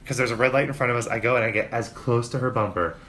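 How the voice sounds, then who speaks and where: A man in casual chat, telling a road-rage story with lots of swearing and shouted impressions of himself. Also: medium pitch, racing. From Spokane, Washington. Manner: animated, profane, mimics people in shouts. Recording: faint ambient noise.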